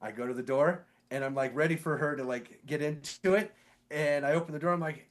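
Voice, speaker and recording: A man casually telling a story on a podcast, animated and swearing, acting out the voices of the people in it. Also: mid-range voice, brisk. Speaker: podcast co-host; sewer inspector.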